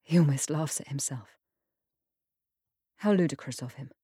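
A woman narrating an audiobook in a measured, unhurried storytelling manner. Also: sits low, dark tone, slightly rough, no room sound, studio quality. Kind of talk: scripted narration.

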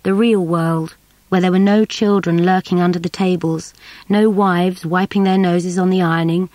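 A woman reading a novel aloud in a measured storytelling manner. Her voice sits fairly low, and the recording is dry and close. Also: fairly even intonation, mellow, no room sound, low-quality recording. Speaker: audiobook narrator. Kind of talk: scripted narration.

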